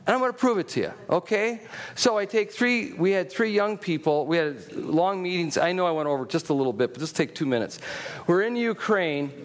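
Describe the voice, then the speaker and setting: Animated middle-aged man preaching. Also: sits high, a little fast. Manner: animated, storytelling, exhorting. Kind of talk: sermon.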